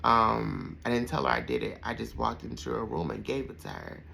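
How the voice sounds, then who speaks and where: A man's voice: mid-range voice, fairly quick, creaky, pushed and bright, a little hiss or hum, low-quality recording. A man in his thirties hosting a podcast, telling a heartfelt personal story in a rambling way with many fillers. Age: 30s. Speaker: podcast host.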